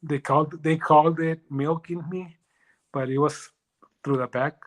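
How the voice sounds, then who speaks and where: A man as an interview guest, telling a personal story in a halting way with many restarts. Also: fairly high pitch, steady tone, rough recording.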